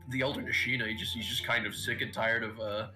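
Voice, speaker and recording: A man talking as a player in a tabletop game, halting and full of restarts. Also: mid-range voice, little pitch movement, sharp tone, soft background music. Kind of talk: casual chat.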